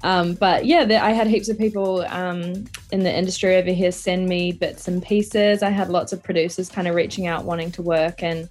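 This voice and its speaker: Woman, New Zealand accent, musician, chatty, laughs easily, video call, low voice. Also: level tone, normal speed, few pauses, darkish tone, faint music behind. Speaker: musician guest. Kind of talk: remote radio interview chat.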